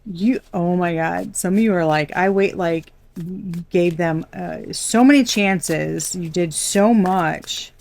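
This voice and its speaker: A woman's voice: lowish voice, slow pace, gravelly, a little mellow. A young adult woman doing a casual tarot reading, chatty and blunt, swearing and laughing often. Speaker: tarot reader.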